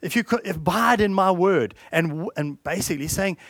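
A man preaches a sermon with a high, clear voice. He talks earnestly and puts many rhetorical questions to his listeners. The sound is close and dry, with no room echo. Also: expressive, normal speed, few pauses, fairly bright tone.

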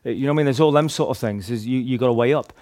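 A man's voice: medium pitch, racing, darkish tone, dry recording, clean studio sound. A man casually recounts his street evangelism, rambling and leaning on "like" and "you know". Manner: rambling, heavy use of "like" and "you know", restarts. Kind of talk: casual storytelling testimony.

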